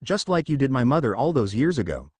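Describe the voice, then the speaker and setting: Voiced by a man reading the story, a wronged warrior princess rages at her husband in an animated, rising-and-falling delivery. The sound is dry and close, with no room around it. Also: mid-range voice, fairly quick, breathy edge, no room sound. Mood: furious. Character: furious betrayed warrior princess wife.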